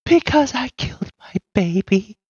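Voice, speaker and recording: A game master voicing a deranged, weeping woman who shrieks and raves in a high, far-off voice. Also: animated, moderate pace, a little mellow, husky, no echo, lo-fi sound. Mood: raving. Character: deranged weeping woman, grief-mad and frantic.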